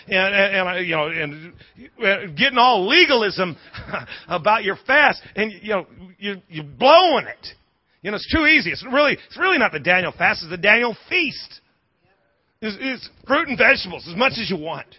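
Animated, husky-voiced preaching man. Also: high-pitched, no echo, highs cut off. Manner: animated, humorous preaching with quick asides and repeated words. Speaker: pastor. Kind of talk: sermon.

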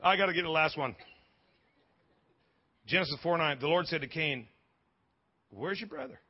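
A man preaching a lively sermon in a church, joking with the congregation and restarting his sentences often. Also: a little high, normal speed, highs cut off. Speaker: pastor. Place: church sanctuary.

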